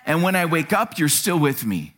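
A man preaching a sermon in a church, animated and acting out quotes. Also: normal speed. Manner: animated, acts out quotes with sudden pitch jumps. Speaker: pastor.

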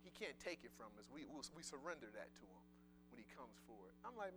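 A man giving a sermon with personal testimony, conversational and emphatic, repeating words and swinging from loud declarations to soft murmurs. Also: mid-range voice, big pitch swings, fast talker, over music.

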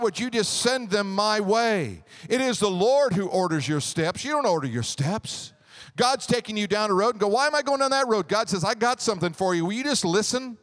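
A man preaching a sermon as pastor, animated, with a joke and call-and-response. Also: high voice.

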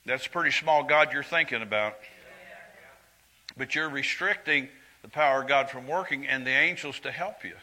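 A preacher in his seventies, speaking in a sermon with a fairly high, very bright and piercing voice. He talks earnestly and conversationally, sinking to quiet, confiding asides before rising to loud, emphatic lines, in a church. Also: brisk, rough recording. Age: 70s.

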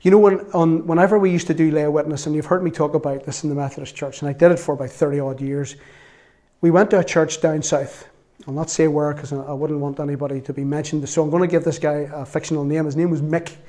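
A man preaching in a lively, conversational storytelling manner. His voice sits a little high, and he breaks into humorous asides and little laughs. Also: quick pace. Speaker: lay preacher. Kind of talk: storytelling sermon.

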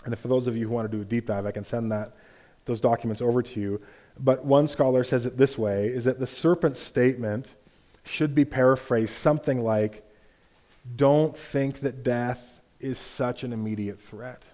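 A man preaching a sermon, explaining a text in a measured teaching way with rhetorical asides. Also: mid-range voice, fairly even intonation, mellow.

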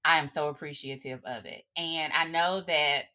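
Host lady, super low voice, bright edge, calm and affirming. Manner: affirming and measured. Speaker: podcast host. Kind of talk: interview conversation.

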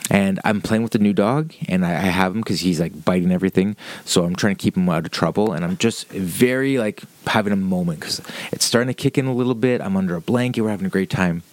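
A man's voice: low-pitched, fast, dry recording. A man casually telling a rambling story, swearing freely, with lots of "like" and "um" along the way. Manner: rambling, profane, with frequent fillers.

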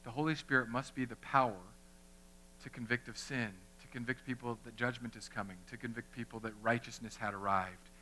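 A man, a pastor, preaching a lively sermon, talking straight to his congregation and acting out little scenes. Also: mid-range voice, a little fast, slight background noise. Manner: conversational, addresses the congregation directly; animated, acts out little scenes.

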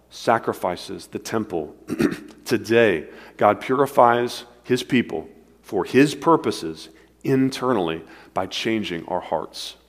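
A man preaching a sermon with a dynamic delivery, swinging between emphatic, raised passages and hushed, quiet ones. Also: lowish voice. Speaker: pastor. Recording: long reverb of a large hall.

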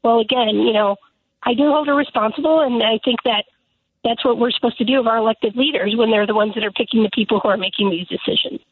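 A woman lawmaker calls in to a radio interview, emphatic and indignant in how she argues her case. Her voice sits a little high and sounds husky. It comes through a tinny, dry phone line. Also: quick pace, dry recording. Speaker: lawmaker guest. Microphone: telephone.

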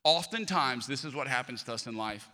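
A man's voice: mid-range voice, expressive, fairly quick, pushed and bright. A man, preaching a sermon as pastor and telling stories, acting out the voices he quotes. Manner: storytelling, acts out quoted voices. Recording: long hall reverb.

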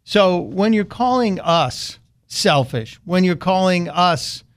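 A man's voice: high voice, lively intonation, takes it slowly, smooth. Sarcastic talk radio host, man. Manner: sarcastic, mocking. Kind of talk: political talk radio monologue.

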